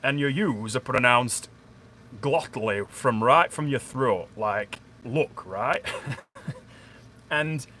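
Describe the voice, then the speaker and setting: A chatty man with a South Yorkshire accent talks through a solo board game on a live stream, rambling and thinking aloud as he explains each move to his viewers. His pitch sits in an ordinary middle range, and a faint hum of a home boiler hangs behind him in the room. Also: takes it slowly, bright, forceful tone. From small town outside Sheffield, England. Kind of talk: casual live-stream chat explaining rules. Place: indoors at home, curtained room. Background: faint boiler noise.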